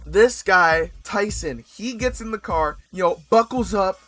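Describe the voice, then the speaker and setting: A young man from Canada telling a story casually in a rambling, animated way, full of fillers and restarts and casual swearing. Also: sits high, measured pace, faint music behind.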